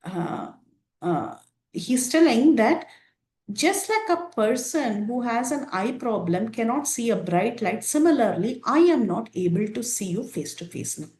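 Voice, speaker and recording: A woman's voice: a little high, lively intonation, a little slow, a little mellow. A woman teaching a scripture class, explaining verses and asking the listeners rhetorical questions. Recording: roomy echo.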